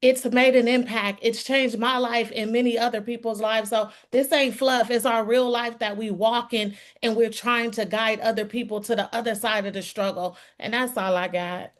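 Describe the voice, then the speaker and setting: A woman's voice: on the high side, steady tone, moderate pace, hardly any pauses. A middle-aged woman on an online group call, giving a heartfelt testimonial in an earnest, folksy way and calling listeners "y'all.". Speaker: guest speaker giving a testimonial.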